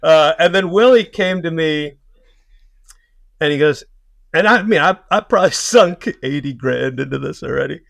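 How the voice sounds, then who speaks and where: A man's voice: a little high, expressive, moderate pace, gravelly, fairly bright tone, dry recording, studio quality. A man chatting on a podcast, telling laid-back, profane anecdotes. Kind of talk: casual chat.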